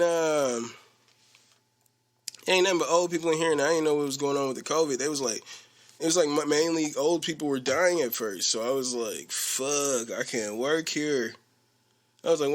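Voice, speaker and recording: A young man telling a story in a casual podcast rant, animated and slangy, laughing often. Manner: animated, slangy, mimics coworkers with a low voice. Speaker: podcast host.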